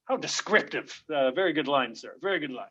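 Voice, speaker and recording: A man, a guest comedian, telling stories in a lively podcast interview and laughing often. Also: on the high side, fairly quick, slightly rough. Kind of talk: animated storytelling in a podcast interview. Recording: dull lo-fi sound.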